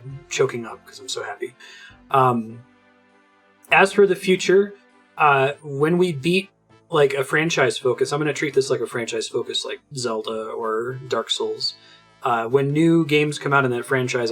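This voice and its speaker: A man hosting a let's play, giving chatty, enthusiastic commentary with lots of casual fillers. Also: medium pitch.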